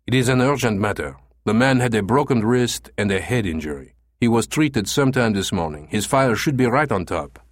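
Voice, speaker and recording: A man's voice: low voice, expressive, fast, few pauses, dry recording. A man voicing a determined man who speaks firmly and officially in an audiobook. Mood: insistent. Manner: firm, official.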